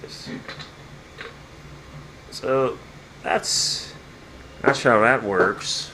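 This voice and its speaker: A man's voice: medium pitch, drawn-out words, bright, forceful tone, low-quality recording. A man giving a casual show-and-tell tour of his home lab, rambling with lots of fillers and restarts. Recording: air conditioning hum behind.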